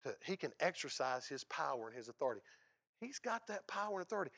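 Animated man preaching a sermon. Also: fast talker, gravelly, no room sound, studio quality. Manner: preaching with sudden loud, high bursts and hushed low stretches. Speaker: pastor.

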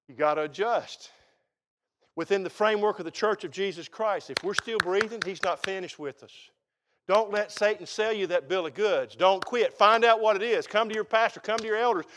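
A man's voice: high voice, expressive, a little fast, bright, forceful tone. A middle-aged man preaching a sermon as pastor, folksy and emphatic.

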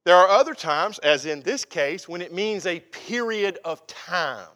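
A man's voice: high voice, lively intonation, measured pace, a bit bright. An older man preaching an expository sermon in a folksy, emphatic way, stretching out key words. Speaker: pastor.

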